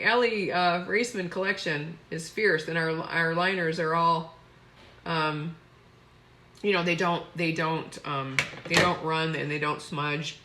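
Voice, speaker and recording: Gushing bright-voiced woman on a live makeup stream. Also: low voice, steady tone, measured pace, slight background noise. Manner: effusive, gushing, chatty. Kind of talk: casual live makeup tutorial.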